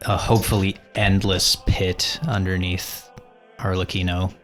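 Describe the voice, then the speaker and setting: A man's voice: low voice, flat delivery, a little slow, a bit bright, soft background music. A man playing a tabletop game, cracking dry jokes as he describes his moves. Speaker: player.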